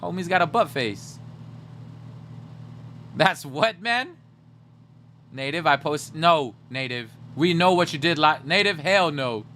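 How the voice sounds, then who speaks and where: A young man hosting a livestream, chatting casually and teasing his viewers in a joking, animated way. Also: fairly high pitch, slow pace, long pauses, a little hiss or hum. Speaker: livestream host.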